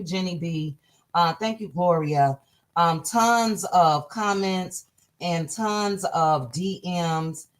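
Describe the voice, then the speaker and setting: A woman hosting a casual livestream chat, tired and a little hoarse, greeting viewers by name. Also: on the low side. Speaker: livestream host.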